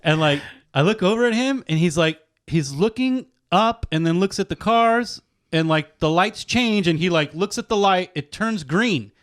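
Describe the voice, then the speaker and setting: A man in his thirties, a fishing guide and podcast guest, telling animated, profane stories in casual chat. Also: sits high, moderate pace.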